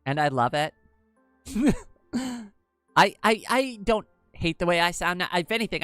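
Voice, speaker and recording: A woman's voice: low-pitched, fairly bright tone, smooth, no echo. A young woman with an androgynous-sounding voice, chatting casually with her livestream viewers and rambling with lots of fillers. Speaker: livestream host. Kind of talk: casual livestream chat, answering chat.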